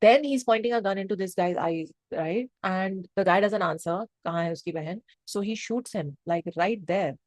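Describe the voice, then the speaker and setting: An excitable young woman talks through a film scene by scene in a casual review. Her speech is emphatic and full of fillers, with swearing and Hindi phrases slipping in. She sits at a mid pitch in a dry, deadened room. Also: normal speed, hardly any pauses, no room sound. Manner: swears freely, lots of fillers like 'um' and 'like'.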